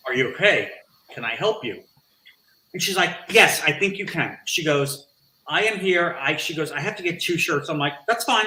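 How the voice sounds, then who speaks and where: A man who is a guest on an interview podcast, telling a story with animated, acted-out dialogue. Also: a little high, echoey room, slight background noise, low-quality recording. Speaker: interview guest, nonprofit founder.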